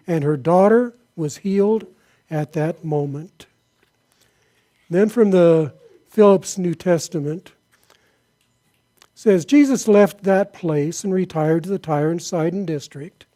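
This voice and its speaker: This slow-speaking pastor reads from the Bible during his sermon, then turns to ask his audience questions. He has a soft, mellow voice pitched high for a man.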